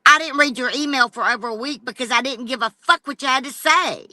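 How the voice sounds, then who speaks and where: A woman's voice: high-pitched, brisk, sharp tone, no room sound. A woman livestreaming an angry, profane rant straight at a rival. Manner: profane and confrontational, addressing a rival directly.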